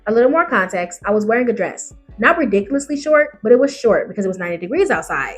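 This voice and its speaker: High, lively, sassy woman reading stories. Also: quick pace, hardly any pauses, faint music behind. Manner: sassy, loud outbursts, calls listeners baby and honey. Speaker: YouTuber reading online stories aloud. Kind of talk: animated reaction reading.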